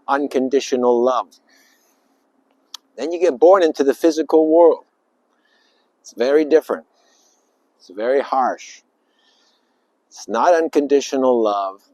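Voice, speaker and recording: A man giving an informal spiritual talk, rambling and emphatic, with sudden loud bursts and little acted-out voices. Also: medium pitch, no echo. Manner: acts out little voices and sounds. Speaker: spiritual speaker.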